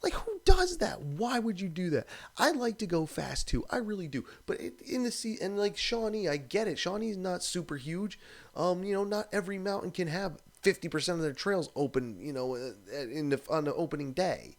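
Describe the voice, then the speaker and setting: A man's voice: high-pitched, expressive, normal speed. A man hosting a live stream, ranting in a casual, profane, exasperated way.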